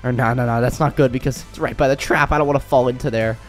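A man's voice: mid-range voice, fairly even intonation, fast, close to an everyday voice. A man voicing his panicky young blocky game hero in a Minecraft role-play, yelping and repeating himself when scared. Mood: calm. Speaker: channel host voicing his character. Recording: light music behind.

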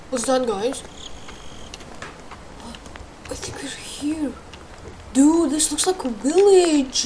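High-pitched woman talking slow over a game, jumpy and spooked, noisy background. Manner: jumpy, easily spooked, exclaims often. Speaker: gaming streamer. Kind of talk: live gameplay commentary. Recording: noticeable background noise.

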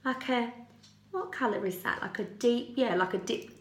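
With a slightly high voice and moderate pace, a young vlogger from the United Kingdom talks through her shopping haul in casual chat at home. She rambles, corrects herself and lets out small giggles, and the room sounds echoey.

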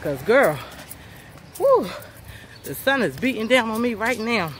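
This woman's voice is on the high side, sing-song and fairly bright, moving at a moderate pace with slight background noise. She's a fitness vlogger walking her sunny neighborhood, out of breath and chatty, encouraging viewers to get moving and calling them honey and y'all.

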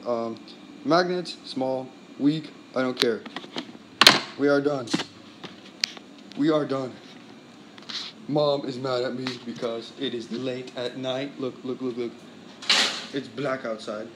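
A man vlogging a teardown in an excitable, rambling way, sweaty and worked up, full of exclamations. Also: mid-range voice, a little hiss or hum. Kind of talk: excited casual teardown vlog.

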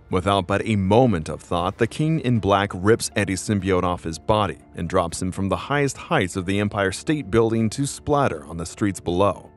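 A man's voice: deep voice, lively intonation, normal speed, few pauses, faint music behind. Man narrating a comic story. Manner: dramatic storytelling. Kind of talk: scripted narration.

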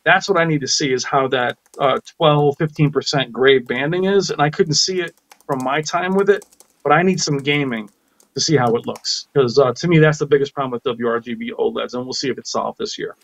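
A man's voice: mid-range voice, a little fast, gravelly, fairly bright tone, no room sound, low-quality recording. A man co-hosting a live tech chat, giving opinions with enthusiasm. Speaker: co-host.

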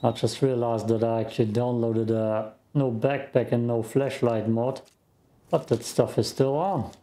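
A man's voice: mid-range voice, steady tone, a little slow, dark tone. A man hosting a let's play, giving casual gaming commentary with joking, rambling asides to his viewers.

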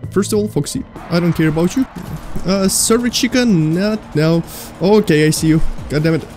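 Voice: mid-range voice, moderate pace, a little mellow, soft background music. A gamer giving live commentary on a horror game, panicking, repeating words again and again, and pleading with and scolding the monsters.

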